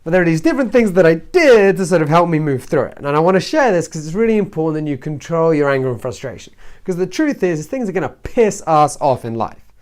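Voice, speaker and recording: A man's voice: on the high side, big pitch swings, quick pace, darkish tone. A man talking casually to camera as a self-help vlogger, telling a story and often checking in with "right?". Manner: chatty, keeps asking "right?".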